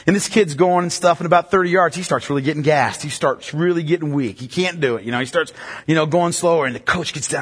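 Husky guy preaching, kinda high voice, tells stories then gets fired up, big echoey hall. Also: fast talker. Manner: storytelling, rising to impassioned near-shouting. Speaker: pastor. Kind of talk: sermon. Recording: reverberant hall.

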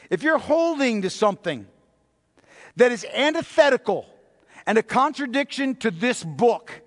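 A man preaching a sermon as a pastor, emphatic, repeating phrases and slowing down to stress key words. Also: extremely high pitch. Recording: long reverb of a large hall.

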